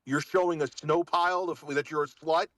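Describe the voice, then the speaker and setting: A man's voice: fairly high pitch, fairly even intonation, moderate pace, fairly bright tone, dry recording. A man on a stream call, arguing and accusing in a heated way. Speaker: stream guest.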